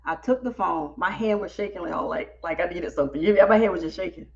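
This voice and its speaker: A woman podcast host telling a story on a live stream, animated and talking straight to her audience. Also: lowish voice, fast, vocal fry, dull audio. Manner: animated, talks directly to the audience.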